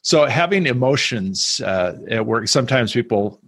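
A man hosting an interview, asking measured questions and giving brief acknowledgments. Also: medium pitch, expressive, fairly bright tone, breathy edge. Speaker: interview host. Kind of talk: conversational interview.

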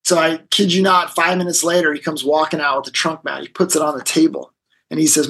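A man, a guest in an interview, telling an animated story and acting out the other people's lines. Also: a little high, a little fast, slightly rough, poor audio. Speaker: guest, negotiation expert. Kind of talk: storytelling in a conversation.

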